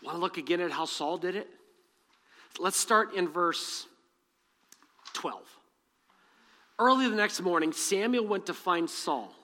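A man preaching a sermon as pastor, animated, mixing scripture reading with humorous asides. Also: sits high, a little slow, pauses often, in a large hall. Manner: reads scripture aloud and acts out the dialogue.

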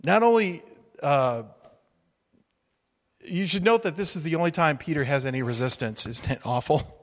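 A male pastor preaching a sermon in a relaxed, humorous, conversational way, acting out little quotes. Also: fairly high pitch, normal speed. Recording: reverberant hall.

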